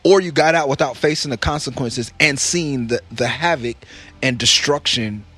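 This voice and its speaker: A man's voice: medium pitch, moderate pace, a bit bright, husky. A man guesting on a podcast, talking casually and rambling with lots of "like" and "you know".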